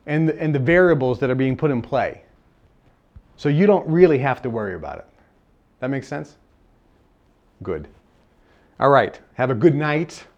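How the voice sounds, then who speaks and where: A man's voice: a little high, a little mellow. A man giving a live seminar lecture, emphatic and repeating his key phrases, sometimes acting out bits of dialogue. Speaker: seminar speaker.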